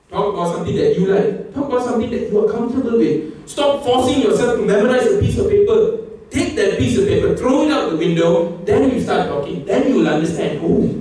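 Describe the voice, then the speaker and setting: A young man giving a humorous, emphatic competition speech, at times climbing into excited outbursts. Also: sits high. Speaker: public speaking contestant. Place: competition hall. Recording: echoey hall from far off.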